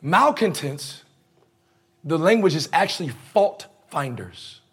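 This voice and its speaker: A man's voice: a little high, sing-song, slow, fairly bright tone, husky. A male preacher giving a conversational, slangy sermon, leading the congregation in call-and-response.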